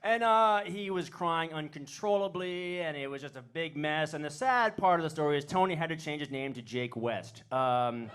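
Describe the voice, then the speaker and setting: A man doing a stand-up comedy set on a club stage, rambling and self-deprecating, now and then shouting in goofy character voices. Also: fairly high pitch, normal speed, hardly any pauses, clean tone.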